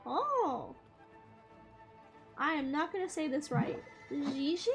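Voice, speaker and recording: A woman's voice: sits high, sing-song, slow pace, fairly bright tone, faint music behind. A young woman streamer chatting casually over gameplay, bubbly and giggly, talking to her viewers. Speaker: gaming streamer.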